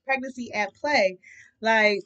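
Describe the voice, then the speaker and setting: A woman's voice: a little high, slow, a bit bright, dull audio. A woman giving a casual tarot reading, blunt and profane, talking animatedly to her viewers. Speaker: tarot reader.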